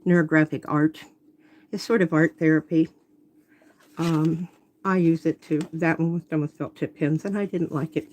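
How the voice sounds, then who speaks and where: A woman's voice: deep voice, normal speed, a little mellow, slight background noise. A woman hosting a live watercolor demonstration from her home workspace, talking casually as she paints, often breaking off to apologize or comment on her setup. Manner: chatty, self-interrupting, apologetic. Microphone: phone camera.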